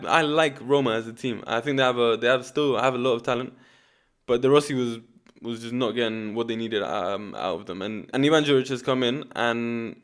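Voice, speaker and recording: A young man rattles through a football weekend recap at a brisk clip. His voice sits in an ordinary middle register. He swears casually and often restarts his sentences. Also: medium pitch, clean tone. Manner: fast, animated, swears freely, frequent restarts. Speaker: football YouTuber.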